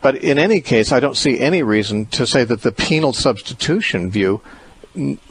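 A man hosting a call-in radio show, explaining Bible teaching in a measured, reasoning way with occasional restarts. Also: mid-range voice, animated, a little hiss or hum. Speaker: radio host answering callers.

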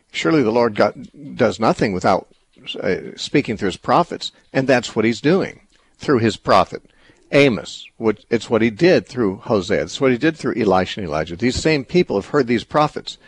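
A man hosting a radio call-in show, explaining a Bible passage in a thoughtful, halting way full of fillers and restarts. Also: lowish voice, slightly rough, dry recording.

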